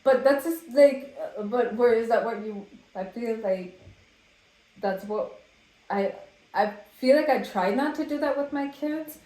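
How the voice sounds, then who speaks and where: A woman's voice: fairly high pitch, unhurried, mellow. A woman co-hosting a podcast in casual chat, blunt and emphatic, swearing to drive her points home. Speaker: podcast co-host. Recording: roomy echo.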